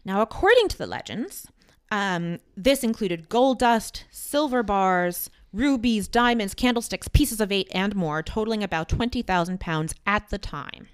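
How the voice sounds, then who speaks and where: Woman podcast host telling history stories, chatty, lively up and down voice. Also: mid-range voice, a little slow, clean tone. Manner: chatty, with frequent "um" and asides. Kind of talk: casual history storytelling.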